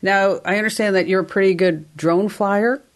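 A woman's voice: mid-range voice, steady tone, moderate pace. A woman hosting a radio call-in show, chatting casually and rambling through a story.

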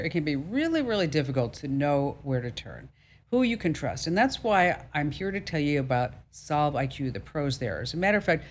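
A woman hosting a radio tech talk show, brassy and jokey, with emphatic delivery and playful asides. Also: deep voice.

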